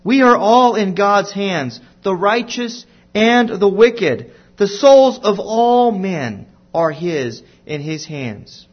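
A man teaching a Bible lesson to children, telling it slowly and deliberately with playful asides. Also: high-pitched, lively intonation, muffled recording.

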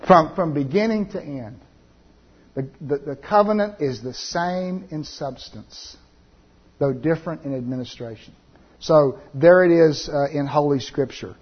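A man preaching a Bible teaching sermon, reading scripture aloud slowly and then explaining it with many filler sounds. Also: fairly high pitch, animated, breathy edge, lo-fi sound.

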